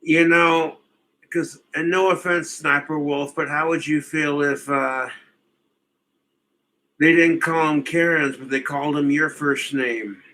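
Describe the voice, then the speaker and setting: A man's voice: on the high side, steady tone, a little slow, sharp tone, poor audio. A man streaming his reactions to videos, talking in a loose, rambling, profane way and often slipping into mocking impressions.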